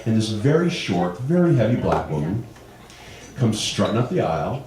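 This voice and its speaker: A man in his fifties doing a stand-up comedy set on a club stage, telling stories and jumping into high voices for the people he quotes. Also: normal speed, a little hiss or hum. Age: 50s. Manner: animated storytelling, jumps high for quoted voices. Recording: roomy club with audience laughter. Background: audience laughing.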